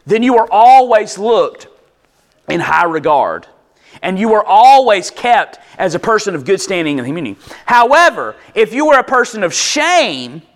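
Animated high-voiced male preacher. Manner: animated, conversational preaching with acted-out asides. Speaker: pastor. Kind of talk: sermon.

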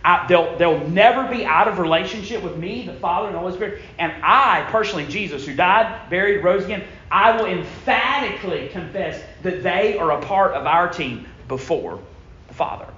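A man preaching a sermon in a church, emphatic, swinging from loud bursts down to low, quiet lines. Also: expressive, moderate pace. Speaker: pastor. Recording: echoey room, dull lo-fi sound.

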